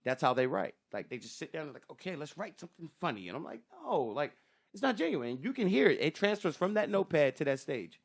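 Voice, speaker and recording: Fast, animated man comedian. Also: a little high, creaky. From Sacramento area, California. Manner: animated, swears freely, acts out voices of other comics. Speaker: stand-up comedian guest. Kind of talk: casual podcast chat.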